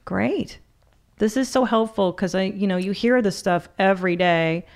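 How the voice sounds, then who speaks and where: A woman's voice: medium pitch, normal speed. A woman hosting a podcast in a casual chat, talking freely, swearing and laughing along. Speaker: podcast host.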